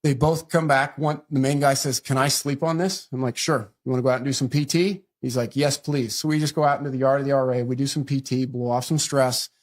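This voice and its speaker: Middle-aged man retelling events briskly. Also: medium pitch, fairly even intonation. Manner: fast retelling that acts out quoted dialogue. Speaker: interview guest. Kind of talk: conversational storytelling interview.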